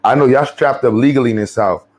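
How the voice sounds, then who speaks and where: A man's voice: mid-range voice, fast talker. A man with a New York accent talks straight to the camera in casual, heavily profane commentary. He speaks bluntly and drawls his points, using plenty of street slang in a mid-range voice. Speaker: commentary vlogger.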